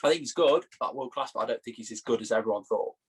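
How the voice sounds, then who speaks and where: Husky young Englishman, jokey banter. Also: mid-range voice. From England. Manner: jokey, teasing, quick to laugh. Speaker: podcast co-host. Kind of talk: casual banter.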